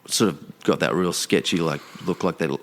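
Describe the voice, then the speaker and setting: A man telling a long story in a casual, animated way, acting out the quoted thoughts of the people in it. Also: sits low, moderate pace. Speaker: podcast guest. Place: outdoor location.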